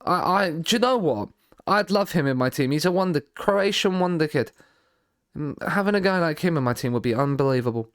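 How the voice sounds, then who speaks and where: A man streaming a football management game, thinking out loud in a rambling way, often repeating and restarting his words, with dry sarcastic asides. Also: a little high, lively intonation, brisk, no echo. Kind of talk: live stream commentary while playing a football manager game.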